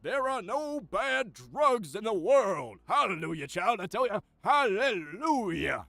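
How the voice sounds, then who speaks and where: High stretched-out preacher voice, slow and booming, super dry mic. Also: male voice, very animated, creaky, no room sound, faint music behind, full character voice. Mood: rapturous. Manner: drawn-out, loud revival-preacher delivery. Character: bombastic male preacher hollering hallelujahs.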